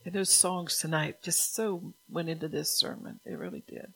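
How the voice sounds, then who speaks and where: A woman preaching a sermon in a gravelly voice that slides into vocal fry. Her pitch stays flat and level as she passes on God's words in the first person and reads out scripture. She keeps breaking into casual asides to the congregation. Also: moderate pace, few pauses, poor audio.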